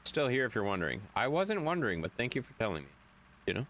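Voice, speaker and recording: A man's voice: medium pitch, sing-song, fast, a bit bright. A man streaming a game late at night, reading chat aloud in a chatty way, swearing now and then.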